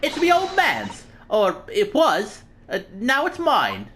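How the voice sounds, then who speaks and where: A man's voice: huge pitch swings, takes it slowly, a bit bright, a little hiss or hum, exaggerated voice. A man voicing a cheeky seventeen-year-old street girl and pickpocket in a video game, with a brash, mouthy way of talking. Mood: defiant. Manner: brash and mouthy, high-pitched.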